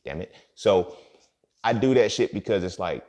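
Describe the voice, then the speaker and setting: A young man with a lowish voice speaks in a casual, unscripted monologue. His talk is streetwise and laced with profanity, and he keeps checking in with the listener as if they were sitting with him. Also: animated, moderate pace, darkish tone. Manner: streetwise, profane, repeats "you feel me". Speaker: podcast host.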